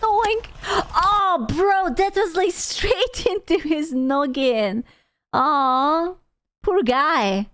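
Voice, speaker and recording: A woman's voice: high voice, animated, very slow, fairly bright tone. A young woman streaming, reacting to a video in a playful, giggly way and swearing freely. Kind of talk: casual live-stream reaction commentary.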